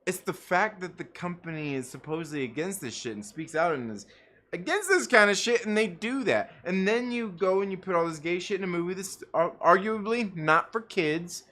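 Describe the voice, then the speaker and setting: High, bright-voiced ranting man. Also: expressive, normal speed. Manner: profane, rambling, full of fillers and restarts. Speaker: livestream co-host; parent. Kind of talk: casual ranting commentary.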